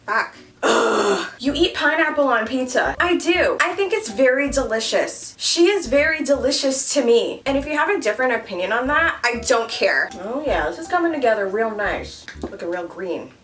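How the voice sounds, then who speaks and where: A woman's voice: fairly high pitch, animated, moderate pace, hardly any pauses, a bit bright, soft background music. A young woman chatting casually while doing her makeup, frank and joking, cursing freely as a beauty vlogger. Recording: voice a bit far from the mic.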